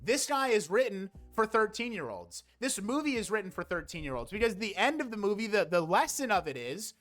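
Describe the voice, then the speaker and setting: A man's voice: high-pitched, sing-song, brisk, a bit bright, faint music behind. A young man giving a casual, exasperated movie review, sarcastic and swearing often.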